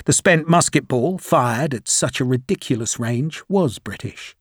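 A man reading a novel aloud as the audiobook narrator, in measured, even storytelling. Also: mid-range voice, breathy edge, no room sound, clean studio sound.

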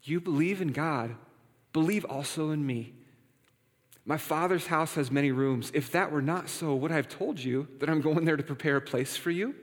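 A man's voice: a little high, moderate pace. A male pastor preaching a sermon in a conversational, playful way, often checking in with the congregation. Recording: reverberant hall.

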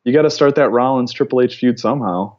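A man as a podcast guest, talking casually in a relaxed way and laughing often. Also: medium pitch, quick pace. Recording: dull lo-fi mic.

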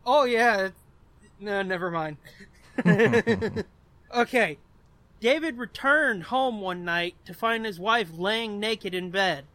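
A man's voice: sits high, takes it slowly, fairly bright tone, no echo. A man co-hosting a podcast in casual chat, laughing often and swearing freely. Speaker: podcast co-host.

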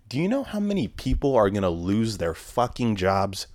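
A young man with a low, deep voice rants into his own podcast. He rambles, swears constantly and drips with sarcasm. The sound is dry and close, with no room around it. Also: big pitch swings, normal speed, few pauses, darkish tone, no room sound. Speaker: podcast host. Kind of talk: casual comedic rant.

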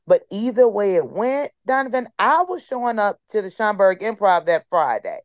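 A woman comedian telling a story in an interview, expressive, calling the listener honey and baby. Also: mid-range voice, normal speed, few pauses, dry recording, clean studio sound.

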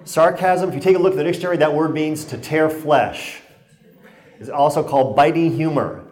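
Here a man talks a little fast in a fairly high, darkish voice, leading a workshop on stress. It's a lecture built on anecdotes, told in a relaxed, humorous way with the quoted exchanges acted out, and the hall sounds roomy.

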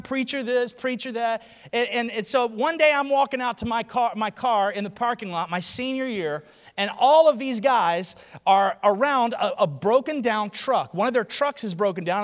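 A man preaching a sermon, telling stories with animation and acting out the other people's voices in a large church hall. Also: extremely high pitch. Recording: long hall reverb.

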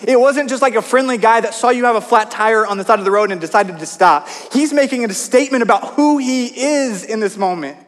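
A man with a high voice gives a sermon, mixing scripture with personal stories in a relaxed, chatty way. His words hang in a long reverb, as in a large hall. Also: a little fast, hardly any pauses. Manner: storytelling, conversational with asides. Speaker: pastor.

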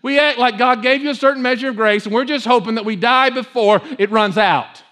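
In a church, a male pastor preaches a fervent sermon to his congregation in a strikingly high, bright voice, speaking a little fast. He repeats himself as he builds, pushing toward near-shouts.

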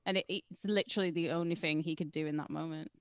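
A woman's voice: deep voice, steady tone, fast, clear, resonant tone, dry recording, studio quality. A woman co-hosting a crude comedy podcast, teasing and bawdy, laughing often. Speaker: podcast co-host.

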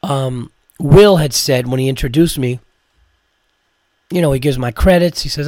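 A man's voice: mid-range voice, normal speed, pauses often, darkish tone, no echo. Tired new york comedian guy rambling through a story, swears a lot, dry close sound. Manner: rambling, profane, frequent restarts. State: tired from medicine. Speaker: comedian podcast host. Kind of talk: casual storytelling.

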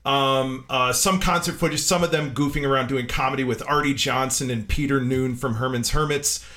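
A man's voice: medium pitch, steady tone, moderate pace, bright, forceful tone. A man hosting a podcast over a video call, talking eagerly in casual chat and often restarting his sentences. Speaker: podcast host.

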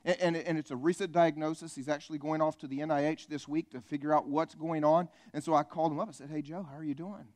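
A man's voice: a little high, fast, hardly any pauses. A man preaching a sermon to a live church congregation, full of energy and jokes that he aims straight at the crowd. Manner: energetic, joking, calls out to the congregation. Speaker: pastor.

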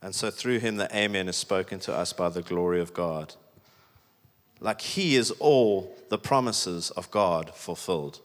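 A low-voiced man preaching a casual, emphatic sermon, peppered with "like." His voice rings out in a large hall with a long reverb tail. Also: a little slow. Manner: conversational, emphatic preaching with many "like"s. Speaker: pastor.

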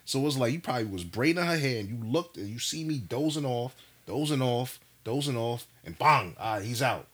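A young man telling a story in casual chat, animated and profane, acting out what people said. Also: mid-range voice, a little fast, slightly rough.

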